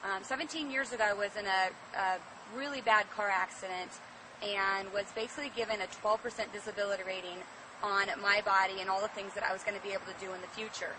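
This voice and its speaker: A woman's voice: mid-range voice, fairly even intonation, fast talker. A woman telling a sincere personal testimonial in a plain-spoken way. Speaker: customer giving a testimonial. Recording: distant mic with noisy outdoor ambience.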